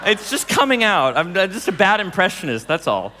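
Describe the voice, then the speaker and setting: A man giving a storytelling talk to an audience, animated, laughing often and acting out dialogue. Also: high-pitched, brisk, long reverb tail. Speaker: speaker telling stories to an audience.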